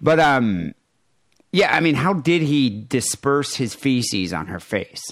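Man co-host, lively up-and-down delivery, full of questions, dry close sound. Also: mid-range voice, no room sound. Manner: animated, quick reactions and questions. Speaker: podcast co-host. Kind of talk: casual comedy podcast chat.

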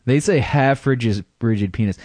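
A man's voice: mid-range voice, moderate pace, a little mellow, no echo. A man co-hosting a comedy podcast, reading out news stories in casual chat and laughing often between crude jokes. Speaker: podcast co-host.

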